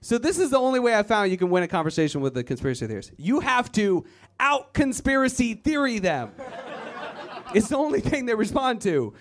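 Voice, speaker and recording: A man's voice: high-pitched, sing-song, a little fast. A man from Virginia doing a stand-up comedy set on a club stage, sarcastic and mocking. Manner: sarcastic, mocking, shifts into silly voices.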